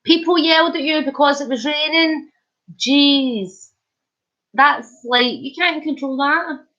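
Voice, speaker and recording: A woman vlogger with a high-pitched, pushed and bright voice takes it slowly while chatting on a live stream from home. Hyper and wide awake, she giggles and laughs a lot as she responds to comments, and the lo-fi audio sounds slightly muffled.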